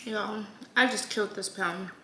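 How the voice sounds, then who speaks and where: A woman's voice: mid-range voice, measured pace. A woman vlogger chatting casually in slang while eating, with a runny nose. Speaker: food vlogger. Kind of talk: casual mukbang chat to camera. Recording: echoey room with faint noise.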